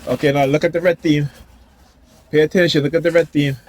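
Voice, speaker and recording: A man's voice: on the high side, steady tone, fairly quick, slight background noise. Defiant man ranting outdoors. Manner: defiant, confrontational, laughs often. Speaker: vlogger. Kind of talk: casual ranting monologue to camera.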